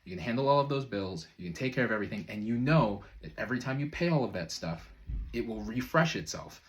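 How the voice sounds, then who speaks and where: A man's voice: medium pitch, lively intonation, fast talker. A man speaking as a manifestation coach in a loose, conversational way, full of fillers and brief chuckles. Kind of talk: casual motivational talk to camera.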